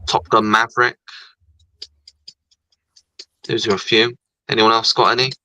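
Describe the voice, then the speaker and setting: Bright-toned man in casual stream chat. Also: on the low side, a little slow, dry recording, low-quality recording. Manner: animated storytelling with laughs. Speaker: livestream co-host.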